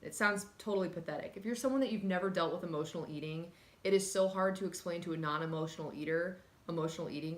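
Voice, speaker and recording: A woman talking candidly and earnestly in a personal vlog, emotional at times and casual with fillers. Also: sits low. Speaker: vlogger. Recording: echoey room.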